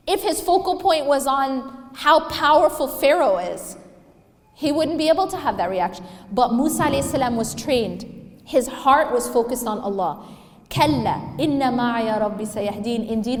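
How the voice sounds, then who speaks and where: High-voiced woman lecturing in an echoey hall. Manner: asks the audience questions, emphatic. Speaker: speaker. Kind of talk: religious lecture.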